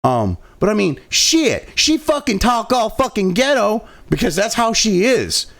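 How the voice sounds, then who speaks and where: A man's voice: high-pitched, big pitch swings, unhurried, fairly bright tone. A man from New England ranting angrily about politics, swearing constantly and dripping with sarcasm. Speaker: political commentary host. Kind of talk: profane political rant.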